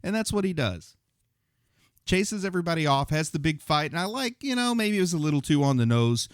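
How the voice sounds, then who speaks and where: A man chatting casually about movies as a podcast co-host, his voice a touch high and very lively in pitch. He talks in an animated way and drifts into playful impressions. The studio sound is dry, with no room echo. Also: a little fast, smooth.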